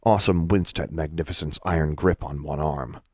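A man narrating a story in a measured, expressive way, recorded on a close mic. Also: a bass voice, husky, dry recording. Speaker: audiobook narrator.

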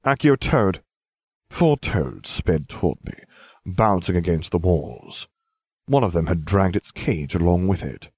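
A man's voice: low voice, lively intonation, a little slow, warm tone, slightly rough, no room sound. A man reading first-person fiction aloud with dry, wry narration. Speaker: audiobook reader.

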